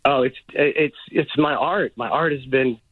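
A man's voice: medium pitch, a little slow. A man calling into a radio show, stammering and repeating his words as he recalls old bits. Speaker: radio guest. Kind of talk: casual radio chat. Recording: tinny cell phone line.

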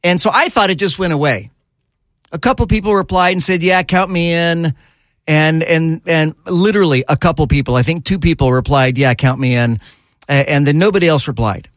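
Speaking a little fast, a male radio host trades casual banter in a studio, his voice slightly high. He gets animated and exasperated, pitch shooting way up whenever something bugs him, all captured in a close, dry recording.

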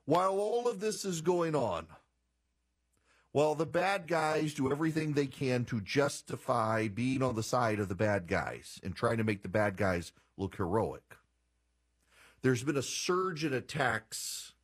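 A man's voice: mid-range voice, a little slow. A man hosting a political talk radio show, giving incredulous, sarcastic commentary and reading passages aloud.

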